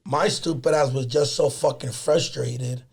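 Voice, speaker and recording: A man's voice: medium pitch, fairly even intonation, measured pace, gravelly, slightly rough. A man co-hosting a podcast, telling a story in casual chat, swearing freely and mixing in Spanish words. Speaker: podcast co-host.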